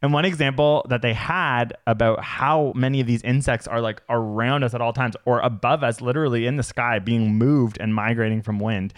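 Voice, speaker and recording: A man's voice: medium pitch, steady tone, fairly quick, few pauses, no echo, clean studio sound. A man co-hosting a podcast in casual chat, playful and jokey with sassy asides. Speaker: podcast co-host.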